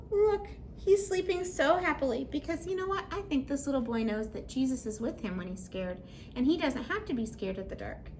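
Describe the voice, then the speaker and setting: A woman children's ministry teacher telling a Bible story to toddlers in an animated, sing-song way. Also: high-pitched, a little hiss or hum. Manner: animated, sing-song, playful sound effects.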